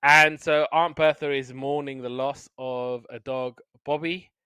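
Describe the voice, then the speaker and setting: A man's voice: medium pitch, steady tone, unhurried, pushed and bright, clean tone, no room sound. A man chattily recapping cartoon episodes, often acting out the characters' lines. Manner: chatty, acts out lines in quotes. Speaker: podcast co-host.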